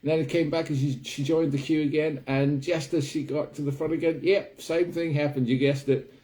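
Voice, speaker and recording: A man doing a comic impression of a chatty older New Zealand mountaineer, with a put-on New Zealand accent and halting speech full of fillers. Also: a little high, steady tone, mellow, close to an everyday voice. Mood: rambling. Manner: rambling, halting with many fillers. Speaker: guest host in character. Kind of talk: comic impression on a live stream.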